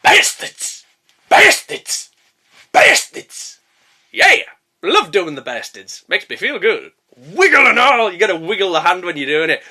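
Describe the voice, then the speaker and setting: A man recording comedy review outtakes, giggling, swearing and breaking into sudden loud silly outbursts. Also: high voice, sing-song, fairly quick, few pauses.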